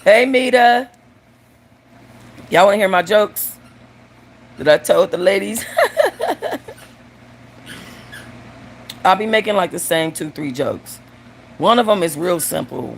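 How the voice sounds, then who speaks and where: A woman's voice: low voice, a little hiss or hum. Blunt, joking woman telling stories. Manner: crude, joking and blunt, addresses the audience directly. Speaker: host. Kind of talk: casual storytelling and joke telling.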